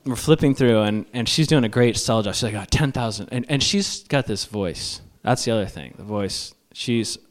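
A man's voice: mid-range voice, moderate pace, hardly any pauses. A man telling a comic story to a live audience, self-mocking and acting out each voice. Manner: animated, acts out every voice, self-mocking.

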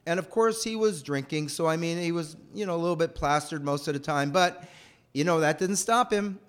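A man telling a personal childhood story in a rambling, animated way. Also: on the high side, brisk, smooth. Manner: animated, rambling, acts out voices.

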